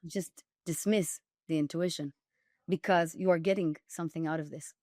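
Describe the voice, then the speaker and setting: A woman's voice: low voice, fairly even intonation, normal speed, darkish tone, no echo, clean studio sound. A woman dating coach and author, speaking directly and emphatically as a guest, with wry humor. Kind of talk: candid storytelling interview.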